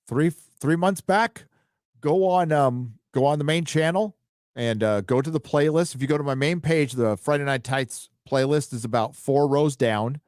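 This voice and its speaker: A man's voice: on the high side, moderate pace, a little mellow, no echo. Male stream host, offhand and rambling, casual swearing, dry close sound. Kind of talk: casual live-stream chat, reading donations. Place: home studio.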